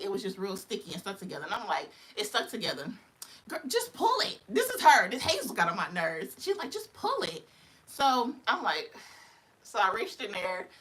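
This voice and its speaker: A woman's voice: medium pitch, bright, forceful tone. A young woman, casually telling a story on a livestream, laughing often and acting out other people's voices.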